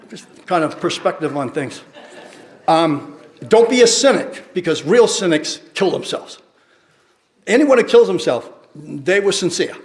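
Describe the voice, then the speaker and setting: A man's voice: high-pitched, animated. An older man, a retired teacher and researcher, rambling through wry stories and drawing out his punchlines. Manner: wry storyteller, drawn-out punchlines. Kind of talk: rambling anecdotal talk.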